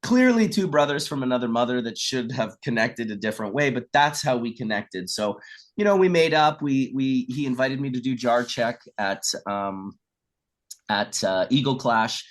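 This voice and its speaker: A man's voice: medium pitch, moderate pace. A middle-aged man chatting as a guest, telling stories casually and acting out the voices of the people in them, with the odd swear word. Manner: animated storyteller who acts out quoted voices and swears casually. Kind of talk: casual storytelling chat.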